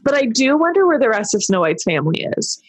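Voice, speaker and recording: A woman's voice: on the high side, sing-song, quick pace, no room sound. A woman in casual podcast chat who makes dry, wry remarks. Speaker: podcast co-host.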